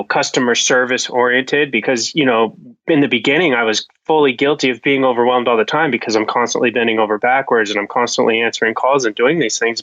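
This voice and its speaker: A male co-host with a bright, forward voice at a middle pitch. He sounds earnest as he agrees and explains his thinking in casual chat. The recording is dry and slightly dull. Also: no room sound. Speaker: podcast co-host, pool company owner. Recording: dull lo-fi podcast audio.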